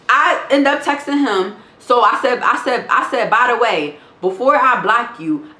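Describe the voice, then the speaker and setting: A woman's voice: medium pitch, fairly bright tone. Blunt, profane woman telling a story. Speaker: vlogger. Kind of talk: storytime vlog, reading texts aloud. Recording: roomy echo.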